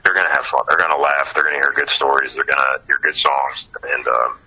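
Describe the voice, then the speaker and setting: A singer-songwriter from Ohio, telling stories as a guest in a casual interview. He is animated, chuckles often and uses many fillers. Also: extremely low pitch, brisk, rough recording.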